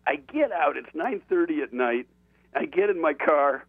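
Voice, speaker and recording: A man, an author and guest, telling a casual anecdote in an animated, conversational way. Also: fairly high pitch, moderate pace, vocal fry, dry recording. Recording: dry tinny phone line.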